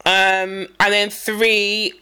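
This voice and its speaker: A woman's voice: mid-range voice, flat delivery, extremely slow, pushed and bright. A young woman co-hosting a casual podcast with her sister, telling stories in a chatty way. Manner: chatty storyteller, playful mimicking of voices. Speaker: podcast co-host. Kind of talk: casual chat.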